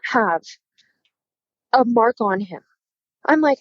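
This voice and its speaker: At normal speed and with a slightly high voice, a woman in her thirties guesting on a podcast animatedly tells a dramatic story from her own life, voicing the other people's dialogue. The recording sounds dry and muffled.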